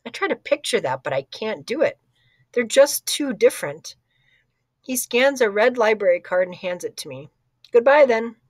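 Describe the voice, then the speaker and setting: A woman's voice: medium pitch, sing-song, normal speed, no echo. Female audiobook narrator, conversational, dry close read. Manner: conversational, with slips and asides. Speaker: audiobook reader. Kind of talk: first-person book narration.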